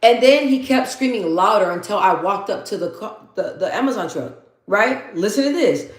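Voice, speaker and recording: A chatty woman in her thirties hosts a relaxed live stream, reading viewer comments and telling stories from her day. She sits at a middle pitch and hammers home her points by repeating them. The room around her is noticeably echoey. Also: moderate pace. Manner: chatty storytelling, repeats phrases for emphasis. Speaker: livestream host. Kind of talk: casual live chat. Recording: roomy echo.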